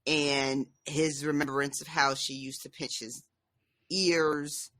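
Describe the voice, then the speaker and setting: A woman's voice: deep voice, little pitch movement, slow, fairly bright tone, dry recording. A woman co-hosting a podcast, chatting casually about a book, laughing often and swearing freely. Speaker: podcast co-host.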